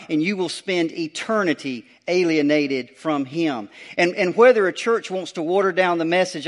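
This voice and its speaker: A male pastor, preaching a sermon emphatically, repeating phrases and building to loud surges. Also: a little high.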